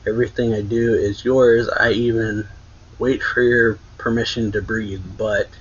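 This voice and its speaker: A man's voice: fairly low pitch, level tone, measured pace, slightly rough. A man reading an anxious teenage girl assassin. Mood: distraught. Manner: read plainly in the narrator's own voice. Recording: dull lo-fi sound.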